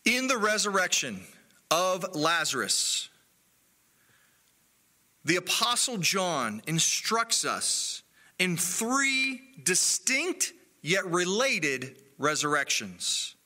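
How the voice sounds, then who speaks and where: A man delivers a sermon in an earnest, measured way, leaning on his pauses. His voice sits fairly high and moves around a great deal in pitch, with a very bright, forward tone, and he takes his time. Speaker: pastor.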